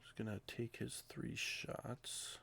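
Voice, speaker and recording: A man acting as game master, calmly narrating combat results and calling on players in turn. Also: mid-range voice, takes it slowly, gravelly, slight background noise. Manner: calm, matter-of-fact narration of combat results. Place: home streaming setup.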